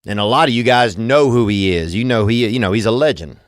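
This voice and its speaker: A man's voice: lowish voice, fairly quick, no room sound, studio quality. A man hosting a podcast, rambling through a comedic monologue full of absurd wordplay and meandering asides. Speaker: podcast host.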